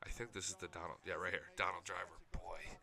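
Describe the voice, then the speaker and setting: A man, chatting casually as a sports channel host and reacting like an excited fan to game highlights. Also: a little fast, vocal fry. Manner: excited fan, swears, talks back to the footage.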